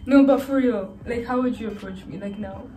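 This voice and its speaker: A woman's voice: fairly high pitch, a little fast, roomy sound. A young woman hosting her vlog, chatting playfully and teasing with frequent giggles. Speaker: channel host. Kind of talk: casual vlog chat. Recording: loud music behind.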